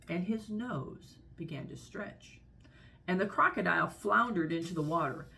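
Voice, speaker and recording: A woman reading a children's story aloud with expressive, gentle storybook narration. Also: fairly low pitch, creaky.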